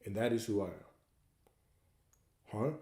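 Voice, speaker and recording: A man's voice: fairly low pitch, fairly even intonation, unhurried, mellow, echoey room. A man hosting a livestream Q&A, coaching viewers and hammering points home with repeated rhetorical questions. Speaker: host answering viewer questions.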